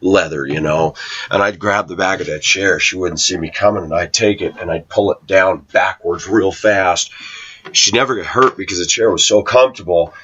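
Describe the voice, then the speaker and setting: A middle-aged online Christian commentator with a low, sharp, breathy voice delivers a casual preaching monologue at normal speed, and the recording's highs are cut off. He tells stories, poses rhetorical questions and laughs often.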